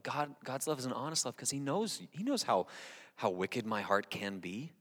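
A male pastor giving a conversational sermon, lively and talking straight to the congregation, often restarting and repeating words. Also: mid-range voice, moderate pace. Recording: long reverb in a large hall.

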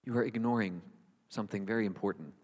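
A man's voice: fairly low pitch, fast, long reverb tail. A man preaching a sermon as the pastor, earnest and conversational, with wry asides to his congregation.

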